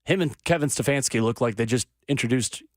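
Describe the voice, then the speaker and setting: A man co-hosting a morning sports radio show, playful and quick to laugh, reading stats in a studio. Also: medium pitch, dry recording. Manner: playful, laughs often, slips into joke accents. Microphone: studio microphone.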